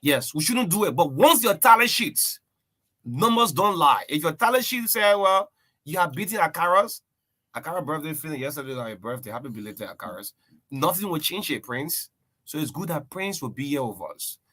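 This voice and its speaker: A man's voice: a little high, lively intonation, moderate pace, pushed and bright. A man hosting a breakfast show, talking loosely about politics with lots of "yeah" and "man". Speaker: radio breakfast show host. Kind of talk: casual political talk.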